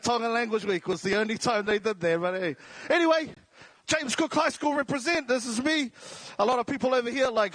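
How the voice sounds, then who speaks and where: Joking South Auckland man, high voice. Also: animated, normal speed, a bit bright, some chatter behind. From New Zealand. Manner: jokey, self-deprecating. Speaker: comedian and radio host. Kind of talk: stand-up style talk. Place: large indoor venue.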